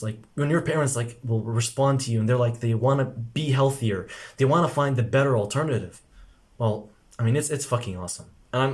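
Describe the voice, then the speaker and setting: A young man talking casually to camera as a self-improvement coach, rambling with constant filler words and frequent swearing. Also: mid-range voice. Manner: rambling, heavy filler words, swears freely, says "bro".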